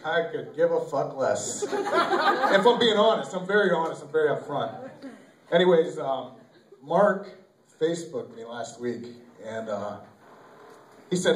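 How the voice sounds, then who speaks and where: A man's voice: mid-range voice, lively intonation, moderate pace, long pauses. A man doing a crude, rambling, self-deprecating stand-up comedy set in a small venue. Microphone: handheld camera from the audience. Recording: echoey room, camera far from the stage.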